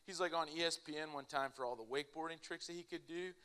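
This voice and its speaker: A man's voice: on the high side, fast, clean tone. A young man, telling a humorous story to a live church audience and laughing along as he goes. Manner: animated, laughs through his own story. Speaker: speaker at a church family event.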